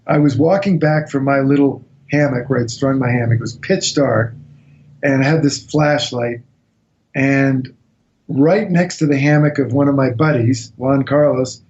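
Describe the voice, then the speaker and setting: A man recounting an expedition as a radio interview guest, telling it as a lively anecdote and acting out what people said. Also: mid-range voice, moderate pace, lo-fi sound. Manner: animated anecdotal storytelling, acts out quotes.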